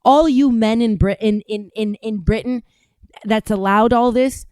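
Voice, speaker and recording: A brash woman from the United States hosts a casual reaction stream, reading chat and firing back with nonstop profanity. She sits at a middle pitch, and her voice is dry and close, with no room sound. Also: normal speed, darkish tone, clear, resonant tone, dry recording. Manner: brash, profane and combative, often laughing.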